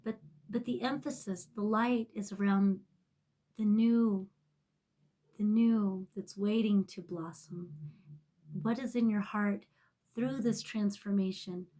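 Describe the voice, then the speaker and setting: A woman's voice: mid-range voice, steady tone, slow, pauses often. Emotional, swearing woman tarot reader. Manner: emotional, rambling, swears freely, often drops to a soft near-whisper. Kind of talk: casual tarot reading to camera.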